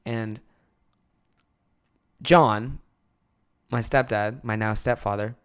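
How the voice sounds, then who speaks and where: A young man hosting his podcast solo, telling a childhood story with lively swearing and acted-out quotes. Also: fairly low pitch, extremely slow, clean tone. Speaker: podcast host and comedian.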